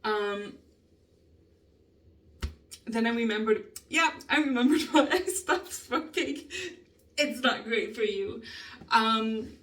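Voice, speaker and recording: Her voice is a little high and a bit bright, slow with frequent pauses, and the mic sits at a distance. This vlogger rambles casually as she vents, cursing a lot and breaking into nervous laughter often.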